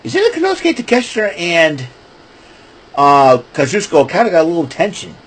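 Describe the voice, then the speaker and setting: A man's voice: a little high, huge pitch swings, fairly quick, low-quality recording. A man hosting a casual wrestling recap show, talking in a rambling, chatty way. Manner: rambling, chatty, breaks into laughing fits.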